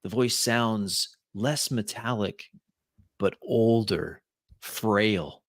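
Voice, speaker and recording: A man narrating a tabletop game as game master, describing the scene deliberately and often restarting his phrases. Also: fairly low pitch, no room sound.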